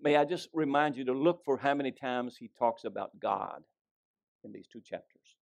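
Middle-aged pastor guy, gravelly voice, folksy sermon w jokes, reads scripture. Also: medium pitch, moderate pace.

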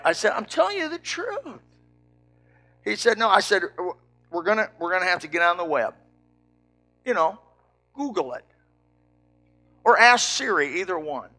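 An older man, a preacher from Indiana, telling a folksy story with lively quoted dialogue. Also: sits high, moderate pace, pauses often. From Indiana, United States. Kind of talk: storytelling sermon.

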